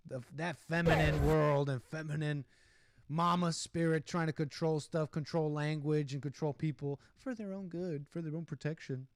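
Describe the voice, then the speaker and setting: Male streamer host, indignant sarcastic commentary, higher pitch, dry close-mic sound. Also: fairly even intonation, moderate pace, dry recording. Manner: sarcastic, indignant, laughs at own jokes. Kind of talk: ranting commentary over a video clip.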